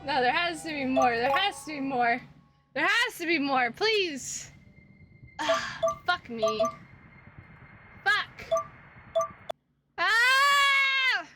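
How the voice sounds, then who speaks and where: A woman's voice: high voice, lively intonation, measured pace, over loud music. A woman gaming streamer reacting live to a game, dramatic, whiny and exasperated, swearing a lot.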